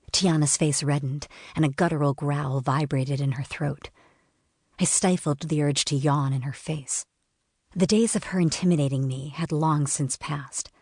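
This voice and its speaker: A woman narrating a first-person novel in a measured, expressive reading. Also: low voice, slightly rough, dry recording, studio quality. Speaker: audiobook narrator.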